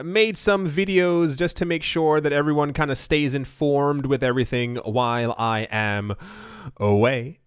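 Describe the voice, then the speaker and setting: Male host for casual news commentary; talkative, self-deprecating, fairly high and smooth. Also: fairly bright tone, no room sound, clean studio sound. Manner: chatty, rambling asides and self-deprecating jokes.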